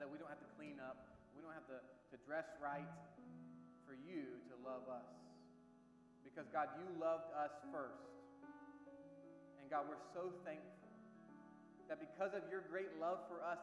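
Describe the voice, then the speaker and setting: A man's voice: on the high side, fairly even intonation, normal speed. Fervent male pastor praying in a church. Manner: fervent, repetitive prayer cadence. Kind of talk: closing prayer at a church service. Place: church sanctuary. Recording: echoey hall with music behind. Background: soft instrumental music.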